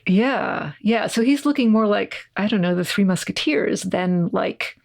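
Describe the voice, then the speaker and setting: A woman's voice: mid-range voice, lively intonation, a little slow, vocal fry, a little mellow. A woman co-hosting a podcast, chatting casually and making jokes in reaction to the story. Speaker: podcast co-host. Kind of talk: casual chat.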